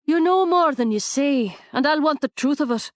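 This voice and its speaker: A woman narrator voicing a forthright witch, brisk and commanding. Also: sits high, animated, no room sound, studio quality, voice pushed up. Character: sharp-tongued Irish witch, forthright.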